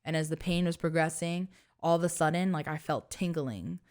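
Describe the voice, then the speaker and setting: A young woman co-hosting a podcast, telling a personal story in casual chat with lots of fillers and an earnest tone. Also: moderate pace. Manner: earnest, many fillers, soft low-voiced reliving of fear. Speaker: podcast co-host.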